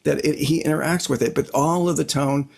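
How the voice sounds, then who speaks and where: A middle-aged man with a somewhat high, gravelly voice that carries a husky edge. He talks in a loose, rambling way, circling back with asides as he thinks aloud. He sits close to his own desk microphone as a co-host of a casual chat. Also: fairly even intonation, fairly quick. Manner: rambling, reflective, many "you know what I mean" asides. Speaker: podcast co-host. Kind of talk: casual chat about guitars.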